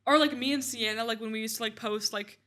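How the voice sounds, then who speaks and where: This young adult woman talks quickly in a fairly high, bright voice. She co-hosts a casual chat show with her parent, the other host, and comes across as chatty and opinionated, using plenty of filler words.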